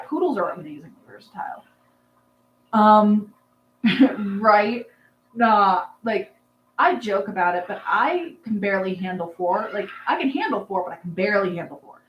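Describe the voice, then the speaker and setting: A chatty young woman hosts a relaxed livestream and rambles from one story to the next, filling the gaps with "um"s. Her voice sits at a mid pitch. It carries a noticeable room echo over a faint background hum. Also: muffled recording. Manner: rambling, chatty, lots of "um"s, laughs with the chat. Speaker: livestream host chatting with viewers. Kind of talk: casual live chat.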